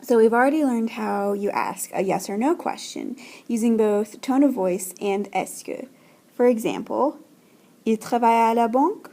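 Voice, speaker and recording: A woman teacher recording a voice-over French lesson, explaining in English slowly and carefully and modelling French phrases aloud. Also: mid-range voice, animated, creaky, dark tone. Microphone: screen-recording voice-over.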